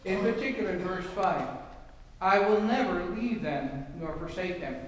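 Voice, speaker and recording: A man's voice: high voice, normal speed. A man preaching a sermon as a pastor, earnest and emphatic, often repeating and restarting his phrases. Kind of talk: sermon with opening prayer. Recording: echoey hall from far off.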